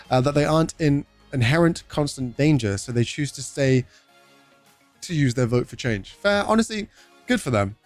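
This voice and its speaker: A man's voice: medium pitch, a little mellow, dry recording. A young British man streaming live, chatting casually, greeting viewers by name and swearing freely. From United Kingdom.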